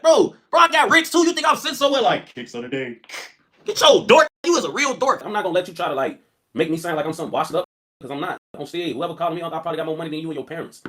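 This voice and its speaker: Fast, high-energy streamer man. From Chicago. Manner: loud, excitable, trash-talking, heavy slang. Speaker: livestream host. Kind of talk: casual livestream storytelling.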